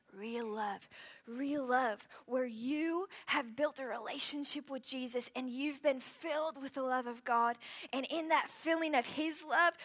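A young adult woman preaching a youth sermon, lively and casual, shifting from loud storytelling to a hushed, earnest prayer tone. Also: high voice. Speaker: youth pastor.

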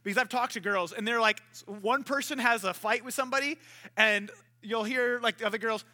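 A man's voice: very high-pitched, a little fast, bright, forceful tone. A man preaching a sermon as a pastor, telling stories animatedly and acting out conversations in other people's voices.

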